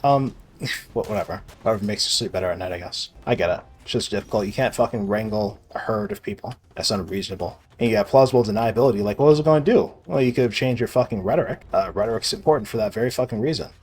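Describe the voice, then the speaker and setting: A young man casually rambling and swearing as he plays a video game, sarcastic and quick to laugh at himself. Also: fairly low pitch, a little mellow, breathy edge. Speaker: gaming video creator. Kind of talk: casual rambling commentary while playing.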